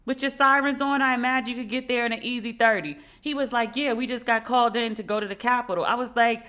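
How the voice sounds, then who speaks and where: A woman in her forties hosts a podcast and tells a story in a loose, profane way. Her voice sits somewhat high, and she jumps into shrieking reenactments as she talks. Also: fairly even intonation, fast talker, a bit bright. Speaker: podcast host. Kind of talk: casual monologue.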